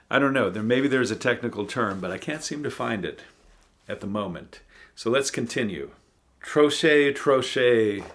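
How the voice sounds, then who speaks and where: A man with a lowish voice reads poetry aloud and muses over it at an unhurried pace. He thinks out loud, trailing off and filling gaps with frequent ums. It sounds like a relaxed, casual reading and commentary. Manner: thoughtful, musing, hesitant with frequent ums. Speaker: channel host reading poems aloud.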